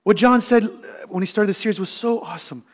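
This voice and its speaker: A middle-aged man preaching a sermon, telling personal stories and acting out the voices in them. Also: fast. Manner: storytelling, acts out quoted voices with rising pitch. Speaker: pastor.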